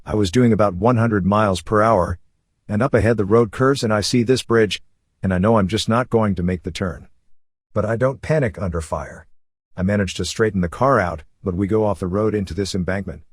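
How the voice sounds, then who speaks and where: A man narrating a first-person memoir in a steady, matter-of-fact storytelling way. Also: fairly low pitch, a little fast, slightly rough, no echo, clean studio sound.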